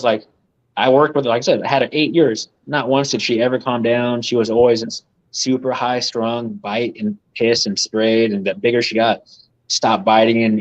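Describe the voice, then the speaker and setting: A man's voice: mid-range voice, dull audio. A man, a guest on a live podcast, telling rambling, profane stories and laughing at them. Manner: rambling, swears freely, laughs at his own stories. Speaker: guest, reptile breeder. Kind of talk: casual storytelling on a live podcast.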